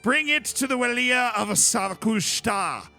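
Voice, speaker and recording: Figure: grand formal envoy voiced by a man. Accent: put-on Scottish. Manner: pompous, ceremonial. Tone: very bright, pitched well up. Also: lively intonation, unhurried, gravelly, faint music behind, heavily acted. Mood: solemn, grandiose. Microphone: headset.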